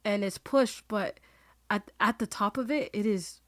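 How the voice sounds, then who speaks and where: A woman's voice: medium pitch, measured pace, fairly bright tone, no room sound. Earnest woman in a dry podcast chat. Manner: earnest, emotional, laughs easily. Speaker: podcast host. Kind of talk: casual heartfelt conversation.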